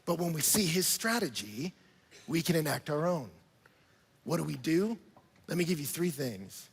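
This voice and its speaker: A male pastor preaches in a large church auditorium, his husky voice ringing with a long reverb. He talks in an animated way, asks the room question after question and acts out small scenes as he goes. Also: a little high, moderate pace. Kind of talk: sermon.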